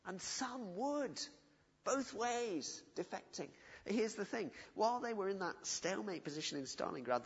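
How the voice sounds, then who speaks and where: A man preaching a sermon in earnest, pleading tones, often dropping to a soft, quiet voice. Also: on the high side, husky. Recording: dull audio with long hall reverb.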